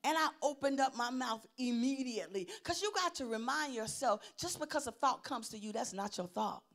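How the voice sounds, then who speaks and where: A high-pitched middle-aged woman pastor preaching from the pulpit. She swings between ringing, shouted declarations and hushed asides, calling for the congregation to answer her. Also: animated, moderate pace. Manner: preaching with call-and-response, swinging from loud declarations to low asides. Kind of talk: sermon.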